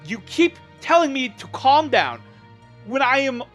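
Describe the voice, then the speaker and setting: A streamer venting to a livestream chat, impassioned and exasperated, trying to stay measured while upset. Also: high-pitched, sing-song, fairly bright tone, soft background music.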